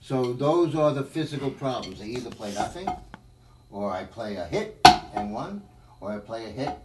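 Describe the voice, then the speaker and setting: A man's voice: medium pitch, lively intonation, moderate pace, loud music behind the voice. A man teaching a live drum lesson, rambling and thinking aloud with many fillers. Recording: echoey room, mic at a distance, background noise.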